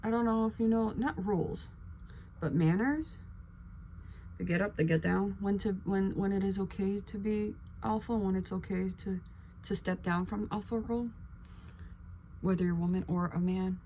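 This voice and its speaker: A young woman vlogger chatting casually while getting ready, acting out quotes with sudden whispers and high bursts. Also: normal speed, dark tone, slight background noise. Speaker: beauty vlogger.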